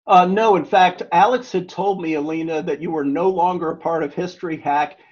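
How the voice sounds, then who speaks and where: A man's voice: a little high, fairly even intonation, brisk, a little mellow. A man on a podcast panel making an emphatic, persuasive case. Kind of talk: argumentative podcast pitch. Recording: muffled lo-fi mic.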